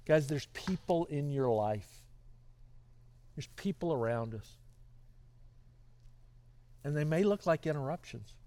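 A man's voice: fairly high pitch, animated, takes it slowly, long pauses, warm tone. Earnest man preaching, storytelling sermon. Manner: earnest, conversational, with stammered restarts. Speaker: pastor.

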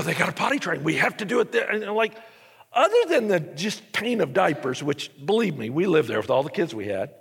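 A pastor in his forties giving a sermon, telling a story with animated delivery and acted-out dialogue in a slightly husky voice. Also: very high-pitched. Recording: echoey church hall.

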